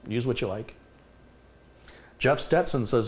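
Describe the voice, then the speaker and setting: A man's voice: medium pitch, lively intonation, a little slow. A man hosting a live tech stream, chatting casually and thinking aloud about his computer as he works. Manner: thinks aloud, muttering to himself while working at a computer.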